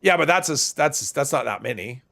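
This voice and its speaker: A man's voice: medium pitch, expressive, a little fast, vocal fry, sharp tone. A man streaming a video game, rambling and thinking aloud in casual commentary, with a stuffy nose. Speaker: gaming streamer.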